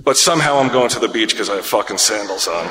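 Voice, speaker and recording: A man's voice: fairly low pitch, animated, fast, heavy background noise. A man co-hosting a podcast, telling a long, rambling, profane story in casual chat and laughing along the way. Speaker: podcast co-host. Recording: echoey room with long reverb.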